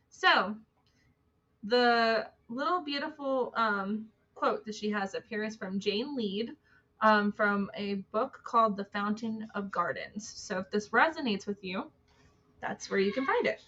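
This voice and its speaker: A woman's voice: mid-range voice, measured pace, sharp tone. A woman hosting a casual spiritual live-stream, bubbly and gushing, chatting with fillers and reading quotes aloud. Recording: dull lo-fi stream audio.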